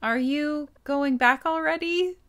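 A woman's voice: high voice, fairly bright tone, voice pushed up. Woman voicing a shy hesitant young woman. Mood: flustered. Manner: hesitant, halting. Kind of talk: reading game dialogue aloud.

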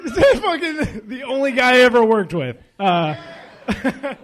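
Young male stand-up, intoxicated and rambling, high and unhurried, cracks himself up. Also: sing-song, fairly bright tone, a faint crowd. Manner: profane, loose, laughing at his own jokes. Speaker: stand-up comedian.

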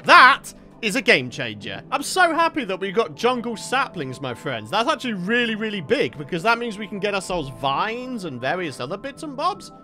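Lively, bright gaming commentator. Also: male voice, sits high, normal speed, few pauses, soft background music. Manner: chatty, playful, talks to the animals. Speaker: gaming YouTuber. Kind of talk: Minecraft let's-play commentary.

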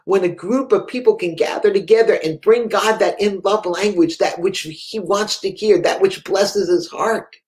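A man preaching a sermon, telling a story with fervor, dropping to a hush and then rising again. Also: sits high. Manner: impassioned storytelling, swings between hushed and raised; reads viewer comments aloud live.

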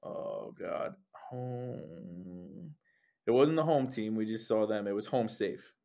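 A man's voice: lowish voice, slow pace, gravelly. A young man from New Jersey, a singer and guest, telling stories in casual chat, swearing often and acting out what others said. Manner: animated storytelling, swears, acts out quotes.

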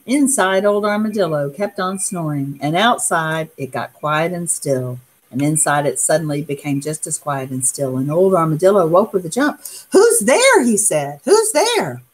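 A woman reading a picture book aloud in a soft, unhurried way, pausing to comment on the pictures. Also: fairly low pitch, lively intonation. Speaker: storyteller.

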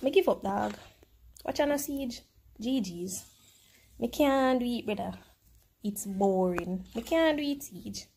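A woman with a Jamaican accent commenting live on her game, excitable and teasing her opponent. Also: on the high side, unhurried, creaky, long pauses, slight background noise. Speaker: game streamer.

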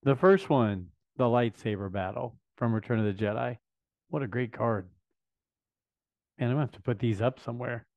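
The vlog host, a man in his fifties, speaks in a mid-range voice at normal speed while casually unboxing something, enthusiastic and thinking out loud. The recording is dry and slightly dull, with a lo-fi feel.

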